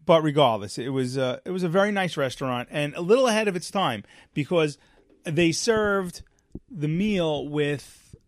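A man's voice: a little high, normal speed, no room sound, studio quality. A man in his forties co-hosting a podcast, telling a story in casual chat and acting out the dialogue. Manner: animated storyteller who acts out dialogue. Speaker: podcast co-host.

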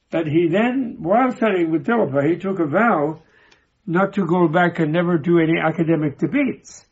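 A man giving an informal Buddhist teaching, telling stories in a halting way, often repeating and restarting his words. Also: a little high, vocal fry, a little mellow, slightly rough, dull audio. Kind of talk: informal spoken teaching with storytelling.

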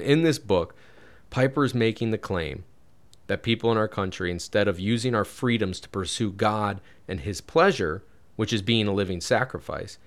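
A man teaching through a Bible chapter in a casual podcast, chatty and prone to digressions, laughing at his own wordplay. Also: on the low side. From United States. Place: home room, creaky computer chair.

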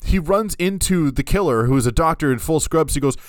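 A man co-hosting a podcast, recapping a film in an animated, storytelling way. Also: fairly high pitch, fairly quick, no echo. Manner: animated storytelling, acting out scenes. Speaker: podcast co-host. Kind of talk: casual film recap chat.

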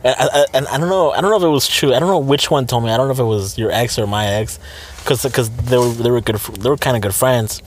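A man's voice: medium pitch, fast talker, slight background noise. A young man in his twenties co-hosting a podcast, trading profane, teasing banter in casual chat. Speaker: podcast co-host.

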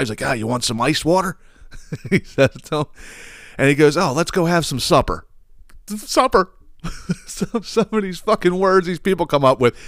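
A man's voice: medium pitch, a bit bright, smooth, no echo, studio quality. A man, hosting a comedic solo rant, swearing and exasperated. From Philadelphia area. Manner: profane, exasperated ranting with chuckles. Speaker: podcast host.

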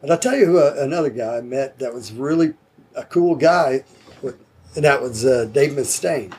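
A man's voice: medium pitch, moderate pace, darkish tone, a little hiss or hum. A man telling rambling, laid-back stories in casual chat, swearing easily.

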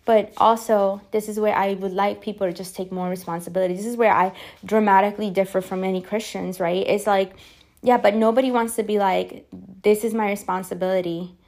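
A woman in her forties telling personal stories as a podcast host, candid and animated, swearing freely. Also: medium pitch, brisk. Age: 40s. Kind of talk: personal storytelling monologue.

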